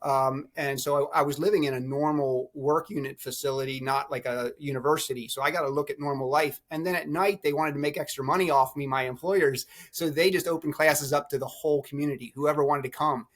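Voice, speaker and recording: A middle-aged man, a podcast guest, telling lively stories in a casual chat. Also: fairly high pitch, fairly quick, hardly any pauses. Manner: animated, laughing storyteller. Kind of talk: storytelling chat.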